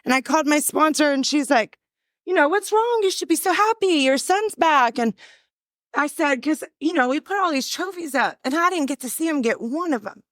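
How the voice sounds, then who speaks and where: A middle-aged woman, sharing her recovery story in loud, emphatic testimony and acting out the quotes. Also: sits high, animated, normal speed, no echo, studio quality. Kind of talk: personal testimony.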